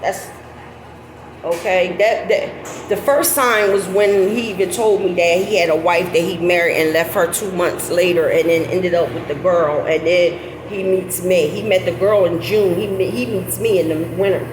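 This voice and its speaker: A middle-aged woman tells a story in a loose, animated way, swearing freely and jumping up into high laughter. The recording is echoey, with loud background noise and what sounds like passing vehicles. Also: normal speed. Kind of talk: casual storytelling.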